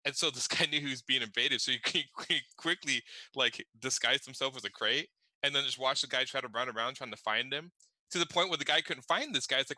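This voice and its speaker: A man's voice: mid-range voice, a little fast, bright, forceful tone, no echo. A man chatting on a stream, telling self-deprecating gaming anecdotes and laughing through them. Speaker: panelist. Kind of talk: casual chat.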